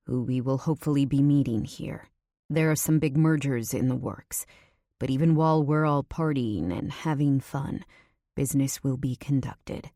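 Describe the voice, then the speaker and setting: Give me a woman playing a commanding mafia man in an audiobook, low, insistent and firm. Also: warm tone, no echo, clean studio sound.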